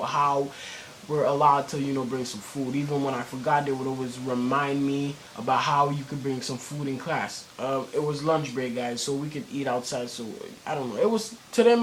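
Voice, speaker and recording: A man's voice: medium pitch, fairly bright tone, slight background noise, rough recording. A teenage boy telling a story in a casual vlog, rambling with many fillers and restarts and plenty of cursing. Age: teens. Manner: cursing, slangy.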